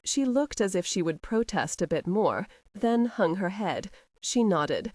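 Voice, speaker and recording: A woman narrating a historical romance audiobook in steady storytelling. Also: mid-range voice, unhurried, no echo.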